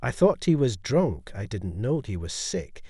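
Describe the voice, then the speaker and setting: A guilt-stricken young woman flight attendant pleads remorsefully, as a man reading the story voices her. Her lines rise and fall in a lively way. The recording is dry and close. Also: on the low side, unhurried, breathy edge, dry recording, full character voice. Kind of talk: storybook narration.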